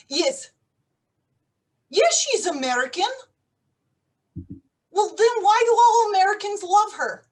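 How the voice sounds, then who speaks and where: A woman's voice: high-pitched, fairly bright tone, heavily acted. A woman playing a bumbling female Russian undercover agent with a put-on Russian accent, speaking broken English in flustered, self-correcting bursts for improvised comedy.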